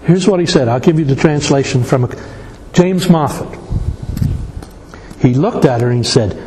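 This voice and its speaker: A man preaching a sermon, animated and full of rhetorical questions. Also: on the high side, normal speed, long pauses. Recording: echoey hall with long reverb, faint noise.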